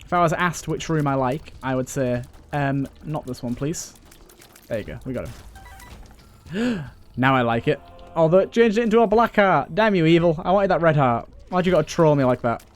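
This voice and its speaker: A man's voice: a little high, animated, normal speed, faint music behind. A young man giving casual, joking commentary while he plays a video game, grumbling and swearing at it. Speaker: let's play gamer.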